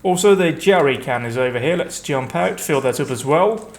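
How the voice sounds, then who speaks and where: A man talks his way through a game, rambling and poking fun at himself as he goes. His voice sits a little higher than most men's. Every so often he breaks into panicked outcries. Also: lively intonation, moderate pace, slight background noise. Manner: chatty, rambling, self-mocking. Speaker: let's play host. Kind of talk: gameplay commentary.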